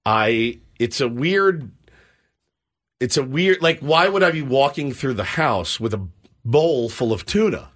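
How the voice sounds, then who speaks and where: A man co-hosting a morning sports radio show, telling a self-mocking story in an animated way and acting out the scenes. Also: mid-range voice, measured pace.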